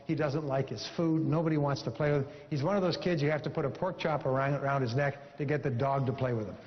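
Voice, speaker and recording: A Canadian motivational speaker on a seminar stage talks fast in a steady, medium-pitched voice, emphatic and repetitive, telling a joke as a story to drive his point home. The large hall makes the recording dull, and the background is noisy.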